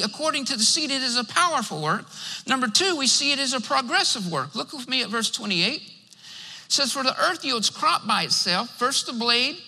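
A man's voice: very high-pitched, sharp tone. A man preaching a sermon, working through numbered points with repeated amens. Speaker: pastor. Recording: long hall reverb.

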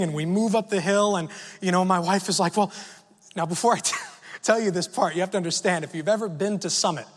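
A man with a high-pitched voice delivers a sermon, telling a personal story in an easy, conversational way. He often turns to ask the listeners questions. His voice rings out with the long reverb of a large hall. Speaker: preacher.

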